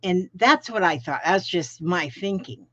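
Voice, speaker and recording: A woman's voice: on the low side, lively intonation, measured pace, pushed and bright, no echo. A middle-aged woman from Florida, rambling in folksy, casual chat as she hosts a crafting live stream from home and greets viewers by name. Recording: dull lo-fi stream audio, dry.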